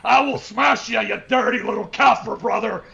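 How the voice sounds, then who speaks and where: A blustering pro-wrestler type drawls threats at a shout, as a man puts him on. The voice sits high and the sound is dull and lo-fi, as if over a call. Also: gravelly, exaggerated voice. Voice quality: shouting, drawn-out.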